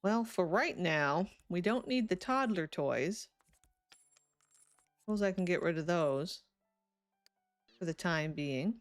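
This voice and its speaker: A woman's voice: lowish voice, lively intonation, slow, long pauses, no room sound, faint music behind. A young woman streaming a life-sim game, chatting casually and giggling as she talks to her characters, sleepy and yawning. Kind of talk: casual live game commentary.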